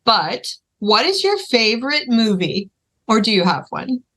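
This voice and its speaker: A woman's voice: on the high side, sing-song, a little slow, a bit bright. A woman podcast host who leads a casual interview with upbeat, encouraging reactions.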